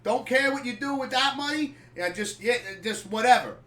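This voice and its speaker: A man hosting a live sports podcast, telling a story casually and animatedly, swearing freely and acting out scenes loudly. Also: very high-pitched, animated, normal speed. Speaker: podcast host. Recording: echoey room, far from the mic.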